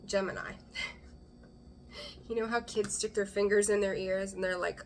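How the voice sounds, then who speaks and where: A woman's voice: mid-range voice, steady tone, moderate pace, long pauses, darkish tone, a little hiss or hum. A woman doing a casual tarot reading for her channel, chatty and blunt, swearing freely and laughing between cards. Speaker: tarot reader. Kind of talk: casual intuitive reading to camera.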